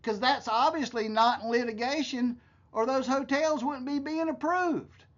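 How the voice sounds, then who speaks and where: A man's voice: very high voice, a little slow, a bit bright, dull audio. A man giving heated, scornful commentary, ranting with profanity. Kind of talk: angry commentary.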